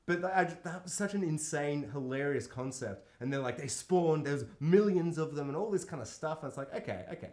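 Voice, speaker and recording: A slightly high-pitched man co-hosting a casual film podcast. He talks in an animated, incredulous way, swears freely and keeps acting out lines. The room is noticeably echoey. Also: a little fast, hardly any pauses. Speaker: podcast co-host.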